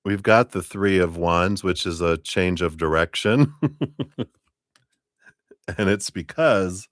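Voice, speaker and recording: A man's voice: sits low, takes it slowly, pauses often, fairly bright tone, dry recording, studio quality. A man giving a live-streamed tarot reading to a viewer, chatty and rambling, who acts out the voices of the people he quotes. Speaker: tarot reader.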